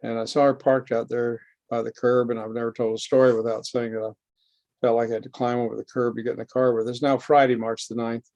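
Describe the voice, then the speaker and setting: A man giving a personal recovery testimony at a lecture, speaking slowly and haltingly with heartfelt pauses. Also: medium pitch, little pitch movement, a little mellow, no room sound, highs cut off. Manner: slow, halting, heartfelt storytelling. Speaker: guest speaker. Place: lecture hall.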